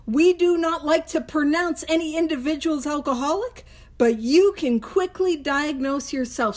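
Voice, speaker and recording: A young adult woman leading a book study in a casual, emphatic teaching style, laughing often as she talks. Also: sits high. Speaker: Big Book study leader.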